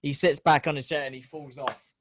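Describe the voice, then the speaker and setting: A man, middle-aged, hosting a casual chat and telling rambling, sweary stories with animated quoted voices. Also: a little high, brisk, no echo. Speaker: podcast host.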